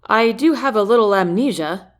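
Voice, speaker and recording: A man's voice: sits high, lively intonation, moderate pace, fairly bright tone. A woman voicing a dry, teasing young male soldier who is recovering from wounds, in an audiobook. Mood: reassuring.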